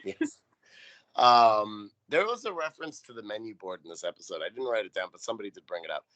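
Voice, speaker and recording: A man's voice: lowish voice, expressive, a little fast, fairly bright tone, no echo. A man co-hosting a podcast, giving a wry, profane play-by-play recap of a TV episode. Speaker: podcast co-host. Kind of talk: casual recap chat.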